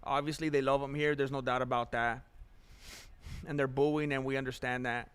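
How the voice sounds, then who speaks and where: Fighter guy doing his post-fight interview, plain and even. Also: medium pitch, moderate pace, clear, resonant tone.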